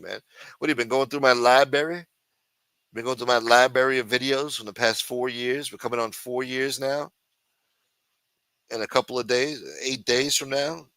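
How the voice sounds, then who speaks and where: A man's voice: mid-range voice, vocal fry, bright, forceful tone, clean tone, dry recording. A man hosting a casual livestream show, rambling and teasing with plenty of profanity. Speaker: show host.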